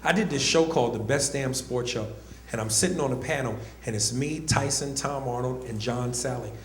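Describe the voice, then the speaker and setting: A man's voice: medium pitch, moderate pace, roomy sound. A man doing stand-up comedy, telling brash stories to a club audience. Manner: brash, storytelling.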